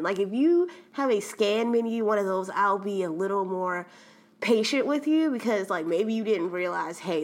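Young woman podcasting, chatty and animated, laughs a lot, mid-pitched voice. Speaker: podcast host. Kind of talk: casual storytelling monologue.

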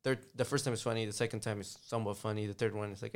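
Low gravelly guy rambling thru a casual chat, lots of restarts. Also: steady tone. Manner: rambling, halting, many restarts.

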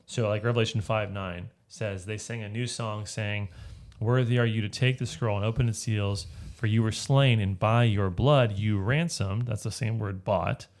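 A man's voice: fairly low pitch, steady tone, normal speed. A man leading a casual Bible study, explaining a passage step by step and often checking in with "right?". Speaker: Bible teacher.

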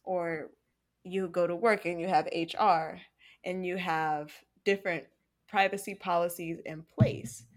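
A woman co-hosting a podcast in casual chat, animated and joking, often checking in with "right?". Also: on the low side, measured pace. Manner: animated and joking, with many tag questions. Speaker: podcast co-host.

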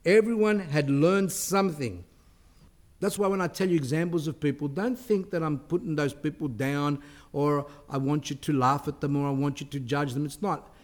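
A priest reads from a religious book and explains it to his listeners, his voice climbing as he stresses each lesson. His pitch sits somewhat high for a man. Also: fairly even intonation, brisk. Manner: earnest, rising emphasis on key points. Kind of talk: spiritual talk reading and explaining a text.

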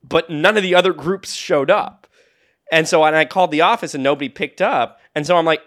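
A man's voice: fairly high pitch, fairly quick, fairly bright tone. A young man co-hosting a podcast, telling rambling stories in casual chat and laughing often. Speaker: podcast co-host.

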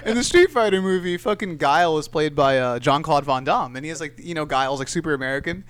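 Fast-talking profane man chatting. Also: fairly high pitch, expressive, a bit bright, clear, resonant tone, no echo. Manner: rambling, profane, jokey, puts on voices. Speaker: podcast co-host. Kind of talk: casual comedic chat.

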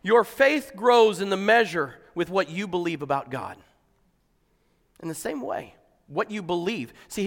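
A pastor preaching a conversational sermon that builds to fervent, emphatic exclamations. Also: male voice, on the high side, fairly bright tone, long reverb tail.

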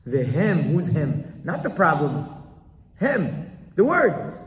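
A man delivers a Torah lecture at an unhurried pace, leaning hard on repeated phrases. His voice sits fairly high. It carries through a reverberant hall from a distance. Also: sing-song. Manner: emphatic, repeats key phrases, rises in pitch for stress. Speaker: Torah teacher.

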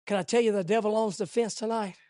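A man preaching a revival sermon at a church service, swinging from hushed asides to shouted, rhythmic repetition. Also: sits high, steady tone, fast talker, no room sound, studio quality. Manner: rhythmic repetition, rising cadence.

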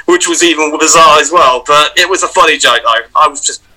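A man who is an actor, telling festival stories in a casual podcast chat with lively, swearing anecdotes. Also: a little high, a little fast, poor audio. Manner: animated storyteller, swears, acts out loud voices in anecdotes. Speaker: guest, actor and vlogger.

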